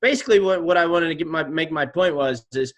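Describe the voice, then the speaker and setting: Slightly high-voiced hesitant man. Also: fast, fairly bright tone, muffled recording. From Pittsburgh area. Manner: hesitant, many fillers and restarts, wry. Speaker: guest. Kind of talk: casual tipsy chat.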